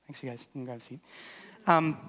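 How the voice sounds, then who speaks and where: A man's voice: mid-range voice, a little fast, pushed and bright. A man preaching a casual sermon as a pastor, talking loosely with lots of fillers while he walks volunteers through a demonstration. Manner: conversational, loose and filler-heavy. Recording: long hall reverb.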